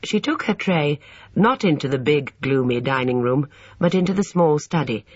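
Husky audiobook narrator with lively pitch. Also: no echo, highs cut off. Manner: measured storytelling with varied character voices. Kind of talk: audiobook narration of a mystery novel.

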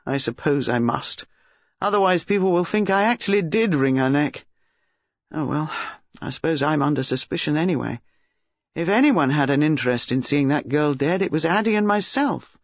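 A man playing a charming, outspoken, rather boastful gentleman with a dry, blunt way of talking. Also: a little high, animated, moderate pace, dry recording. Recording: dull lo-fi recording.

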